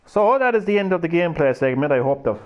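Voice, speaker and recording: A young man giving excitable, profane, sarcastic commentary while streaming a fighting game. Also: a little high, fast, lo-fi sound. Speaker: gaming streamer. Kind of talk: live gameplay commentary. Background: game music.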